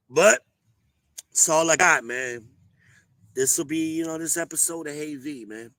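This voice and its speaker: A man, hoarse as he hosts a casual advice monologue. He talks in an emphatic, preachy way and curses bluntly. His voice is bright and forceful, recorded dry and close. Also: on the high side, measured pace, long pauses, dry recording. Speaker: advice show host.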